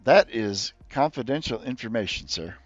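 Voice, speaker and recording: A man's voice: medium pitch, animated, normal speed, dry recording, natural voice. A stiff, formal android receptionist, voiced by a man running a tabletop game. He speaks with clipped courtesy over a slightly dull, lo-fi stream recording with faint music underneath. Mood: curt.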